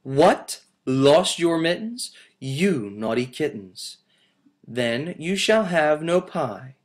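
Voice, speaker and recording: A man voicing a mother cat who scolds her kittens in a stern, drawn-out voice for a children's nursery rhyme. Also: a little high, sing-song. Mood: scolding.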